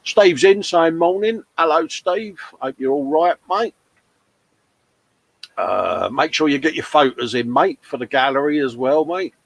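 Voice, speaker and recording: A man's voice: fairly high pitch, lively intonation, a little slow, gravelly, no echo. A British man in his fifties, co-hosting a casual livestream chat, jokey and matey as he reads out viewer comments. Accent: British English. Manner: chatty, jokey, says "mate" a lot. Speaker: livestream co-host.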